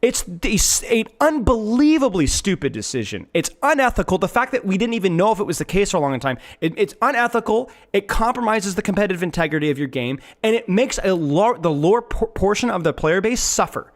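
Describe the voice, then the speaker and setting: A man's voice: high-pitched, sing-song, a little fast, hardly any pauses. A man streamer giving emphatic gaming commentary, repeating his points.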